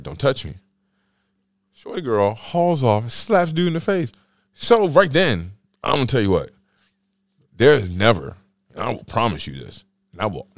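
A man's voice: medium pitch, no echo. A man hosting a solo podcast, telling a story in a rambling, slangy, joking way. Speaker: podcast host.

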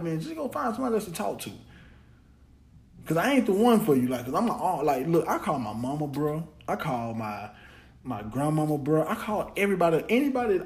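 A man hosting a podcast, talking in a blunt, rambling casual monologue full of slang and repeated words. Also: fairly high pitch. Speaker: podcast host.

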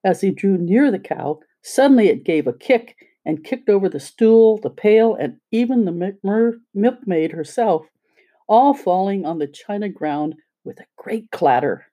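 An audiobook reader narrating a children's story in a steady, plain way. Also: medium pitch, a little slow.

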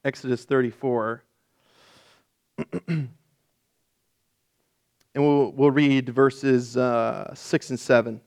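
A man's voice: medium pitch, fairly even intonation, extremely slow, pauses often, darkish tone. A male pastor teaching through a Bible passage in a sermon, explaining the text and acting out quoted lines with feeling.

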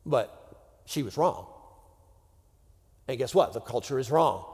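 A male pastor preaches conversationally in an expressive, mid-range voice with a darkish tone and slow pace, sometimes dropping to near-whispers for effect and acting out imagined voices. A long hall reverb surrounds him.

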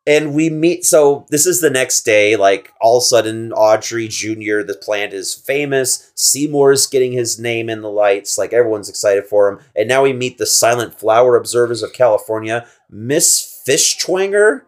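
A man chatting casually on a podcast, walking through a film's plot. He laughs a lot and puts on quick, goofy voices whenever he quotes a character. His voice sits in a middle pitch. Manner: laughs often, acts out quotes in silly voices. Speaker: podcast co-host. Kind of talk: casual movie recap chat.

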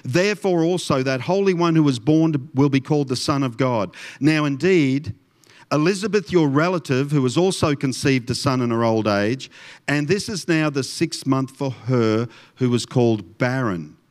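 A man reading an angel's words in a slow, emphatic storytelling voice, drawn from scripture. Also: medium pitch, lightly acted. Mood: solemn. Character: solemn male angel messenger.

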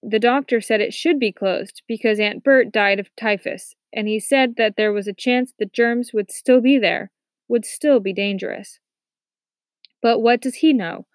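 A woman voicing a calm, quick-witted mother shielding her family, in a dry recording. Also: fairly high pitch, no room sound, natural voice. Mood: falsely eager. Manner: calm, then falsely eager. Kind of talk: audiobook character reading.

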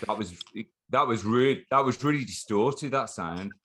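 A man's voice: medium pitch, animated, unhurried, fairly bright tone, breathy edge. A man hosting a podcast in casual chat, chatty and teasing, often restarting his sentences. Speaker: podcast host.

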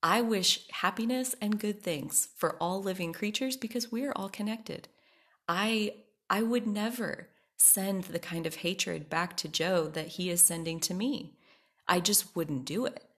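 A woman's voice: fairly low pitch, measured pace, fairly bright tone, breathy edge. A woman hosting her own podcast, talking candidly and with emphasis in a personal monologue, swearing freely. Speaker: podcast host.

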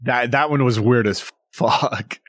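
A man's voice: mid-range voice, slow pace, fairly bright tone, no echo. Dry-sounding guy tossing out quiz answers. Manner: chiming in with quiz answers, teasing. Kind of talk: casual group chat.

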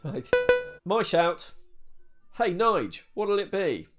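A man's voice: sits high, big pitch swings, takes it slowly, fairly bright tone, faint music behind, voice pushed up, full character voice. A man reading the part of a brash pub drinker who orders rounds and threatens a slap. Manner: brash, bossy. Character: boisterous male pub drinker, quick to threaten.

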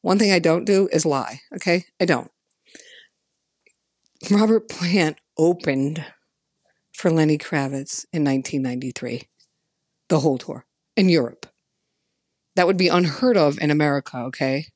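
A woman with a deep, low-pitched voice hosts her own podcast. She tells a long personal story in a casual, chatty way and stresses her points firmly. The sound is dry and close, with no room echo. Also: normal speed, long pauses. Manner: chatty, emphatic, animated quoting of others. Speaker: podcast host.

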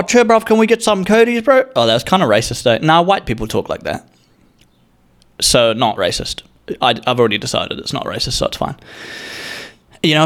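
A man's voice: medium pitch, a bit bright. A young man with a New Zealand accent, telling a rambling, sweary and self-mocking comic story as a podcast host.

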